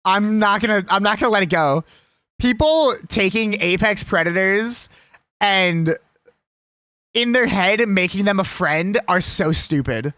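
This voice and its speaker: Streamer, casual live chat, jokey and combative, animated delivery, dry sound. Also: mid-range voice, measured pace, dry recording. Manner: ranting, swearing, argumentative; rambling, jokey.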